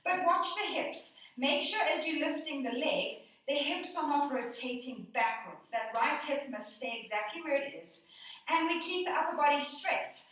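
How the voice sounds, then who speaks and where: This female instructor talks at a moderate pace in a high, animated, somewhat bright voice while coaching a workout. She's encouraging as she counts repetitions and calls out breaths, slightly out of breath. The sound is echoey and distant.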